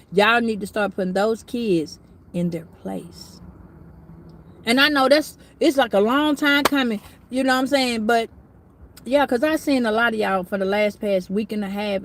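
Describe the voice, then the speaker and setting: A middle-aged woman giving a casual astrology reading, talking bluntly, preachily and with plenty of swearing. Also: on the high side. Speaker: tarot reader.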